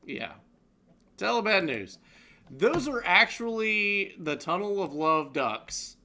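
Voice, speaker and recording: Stream co-host, man. Bright tone, lively and unhurried, jokey and rambling delivery. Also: sits high, a little hiss or hum. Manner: joking, rambling, laughs often. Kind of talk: comedic news roundup on a live stream.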